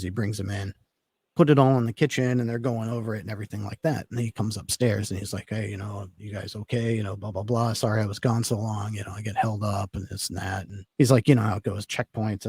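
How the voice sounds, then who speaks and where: A man's voice: fairly low pitch, fairly even intonation, quick pace, a little mellow, breathy edge, no room sound, clean studio sound. A man telling a long personal story in casual talk, rambling with lots of fillers. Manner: rambling, filler-heavy, laid-back. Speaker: podcast guest telling a story.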